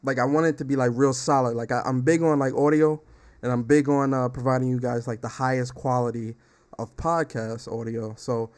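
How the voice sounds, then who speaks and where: A young man hosting a gaming podcast livestream, talking casually with slang, bursts of laughter and loud shout-outs to viewers, on a desktop mic at home. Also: medium pitch, fairly even intonation, fairly quick. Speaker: podcast host. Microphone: desktop streaming mic.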